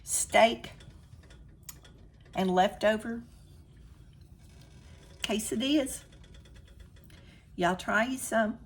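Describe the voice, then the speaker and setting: Slow-talking older woman. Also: on the high side, slightly rough. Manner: chatty, talks straight to viewers, eats on camera. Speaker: home cooking vlogger. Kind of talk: casual cooking vlog.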